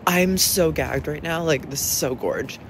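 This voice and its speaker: A man's voice: fairly high pitch, animated, unhurried, echoey room, noisy background. A young man vlogging casually, dramatic and self-deprecating, gushing about things. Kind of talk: casual vlog chatter.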